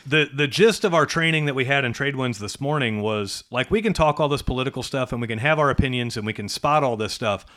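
This middle-aged trades business coach, co-hosting a laid-back business podcast, has a medium-pitched voice with a fairly bright quality. His delivery is conversational and emphatic, and he keeps tacking a rhetorical "right?" onto his points.

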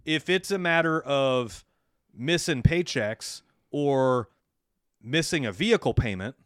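A man's voice: mid-range voice, a bit bright. A man co-hosting a casual business podcast, sounding dry and close with no room echo. He tells stories in a loose, conversational way. Then he shifts into plain coaching for business owners. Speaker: podcast co-host.

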